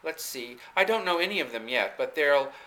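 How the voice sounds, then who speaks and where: A man's voice: a little high, expressive, fairly quick, bright, forceful tone, poor audio. A man voicing a polite, eager young male student fresh off the farm, recorded on a camcorder mic. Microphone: camcorder microphone.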